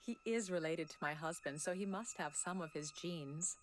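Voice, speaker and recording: A woman's voice: lowish voice, moderate pace, a little hiss or hum, close to an everyday voice. An actress voicing a polite, motherly wife in an anime dub clip. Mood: gentle. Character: gentle, doting wife of a leader.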